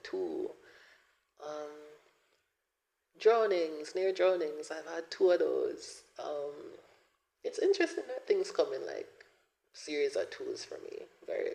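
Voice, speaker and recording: A man in his twenties hosting a podcast, telling a personal story in a rambling way, full of fillers and often dropping to a breathy whisper. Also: a little high, a little mellow, rough recording. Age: 20s. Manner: rambling, frequent "like" and "you know" fillers. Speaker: podcast host.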